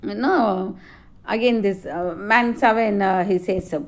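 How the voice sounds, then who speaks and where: A middle-aged woman teacher explaining a play to a class, halting with many fillers. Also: medium pitch. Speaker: English teacher.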